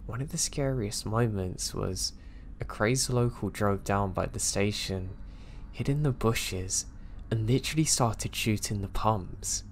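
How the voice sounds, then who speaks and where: A man narrating true scary stories in a steady, low-key storytelling voice. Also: measured pace, slight background noise. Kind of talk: scripted narration of listener stories.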